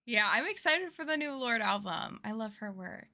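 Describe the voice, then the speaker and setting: A woman's voice: a little high, lively intonation, moderate pace, bright, forceful tone. A woman streamer in casual livestream chat while playing a game, chatty, giggly and self-deprecating.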